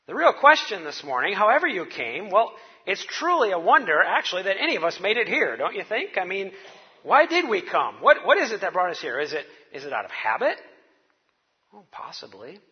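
A man's voice: sits high, huge pitch swings, fairly quick, slightly rough, big-room sound, muffled recording. A man preaching a sermon to his congregation, telling it like a wry, conversational story. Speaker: pastor.

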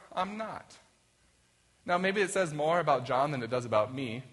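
A man's voice: on the high side, fairly bright tone. A man preaching a sermon in a conversational way, reading scripture and then acting out quoted voices to make his point. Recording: long reverb of a hall.

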